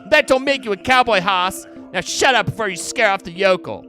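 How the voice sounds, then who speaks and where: A man's voice: animated, fairly quick, sharp tone, soft background music. A man voicing a crude, arrogant male film director who insults everyone around him. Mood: rude. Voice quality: high, brash, sneering.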